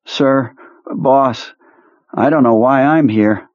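A man's voice: mid-range voice, takes it slowly, darkish tone, muffled recording, voice pushed up, natural voice. A man voicing a whining, defensive male soldier who pleads in a raised voice.

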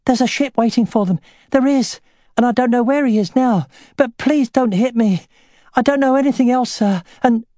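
A man's voice: extremely high pitch, normal speed, mellow, dry recording, voice pushed up. A man voicing a frightened young serving girl who pleads breathlessly in an audiobook. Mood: terrified pleading.

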